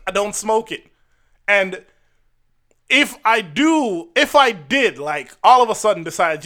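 A man's voice: high voice, very animated, measured pace, pushed and bright. A man from Jamaica telling personal stories to camera in a casual, earnest and wry way. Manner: earnest and wry, acts out the people in his stories. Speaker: vlogger.

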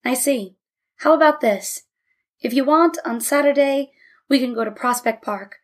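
Woman voicing a tired, gentle immigrant dad. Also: high voice, moderate pace, natural voice. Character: weary, gentle middle-aged immigrant father.

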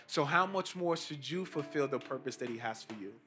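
The sermon comes from a middle-aged man who serves as pastor and team chaplain, using casual slang and pushing his delivery higher on key points. His intonation is lively, his tone sharp, and he talks a little fast.

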